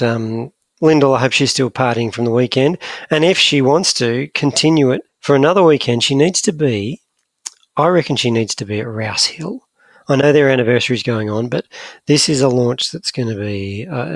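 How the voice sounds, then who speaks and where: A man's voice: mid-range voice, expressive, moderate pace, vocal fry, dry recording. A man co-hosting a podcast, chatting in a jokey, rambling way with his co-host. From Scotland. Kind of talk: casual chat.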